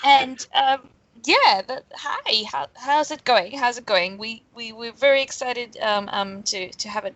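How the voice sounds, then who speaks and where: A woman's voice: a little high, unhurried, fairly bright tone, dry recording. A woman playing a tabletop game, stammering and playful in character. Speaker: player. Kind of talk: tabletop role-play.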